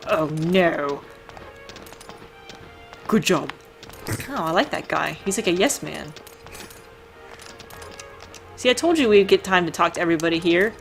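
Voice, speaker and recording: A woman's voice: fairly low pitch, expressive, measured pace, gravelly, pauses often, faint music behind. Giggly woman reading game dialogue. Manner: reads game dialogue aloud, laughs easily. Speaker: let's play host. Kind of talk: casual gameplay chat.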